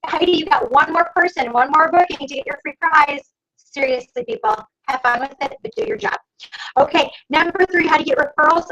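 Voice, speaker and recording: A woman coaching her sales team over a video call, talking fast and exclaiming often as she calls out to her listeners. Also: high-pitched. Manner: fast, animated, exclamatory, addresses listeners as "you guys". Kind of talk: energetic sales training talk. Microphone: computer mic on a video call. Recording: dull lo-fi video call audio.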